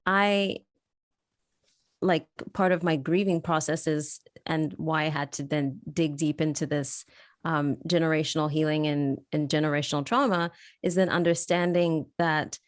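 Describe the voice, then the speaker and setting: A young woman speaking candidly and wistfully in a podcast conversation, now and then acting out other people's words. Her voice sits a little low. The recording is dry and close. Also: a little slow, no room sound. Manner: candid and wistful, slips into animated quoted voices. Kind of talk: casual podcast chat.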